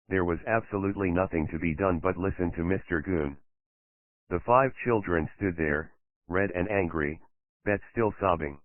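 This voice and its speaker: Narrator, male, low register, tinny and dry lo-fi sound, steady measured storybook reading. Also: dry recording. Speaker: audiobook narrator. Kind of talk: children's audiobook reading.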